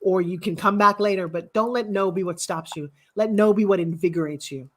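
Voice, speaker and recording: A woman in her sixties, here as a guest author, speaks briskly at medium pitch with a bit of brightness. She tells motivational stories, stressing and repeating her phrases.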